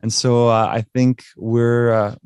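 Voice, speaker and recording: A man's voice: mid-range voice, flat delivery, a little slow, a little mellow, clear, resonant tone, no room sound. A man hosting a podcast, upbeat and chatty, with many fillers. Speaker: podcast host. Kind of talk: casual interview conversation.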